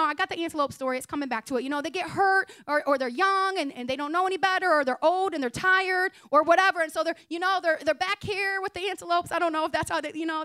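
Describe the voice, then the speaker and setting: A young woman pastor preaching a conversational, humorous sermon in a blunt, animated way. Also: very high-pitched, no room sound. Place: church sanctuary.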